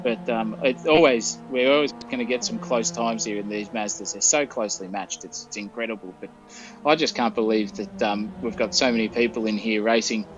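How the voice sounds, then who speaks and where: A man co-commentating a sim race from a hotel room, jokey and excitable. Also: on the low side, fairly quick, dull audio.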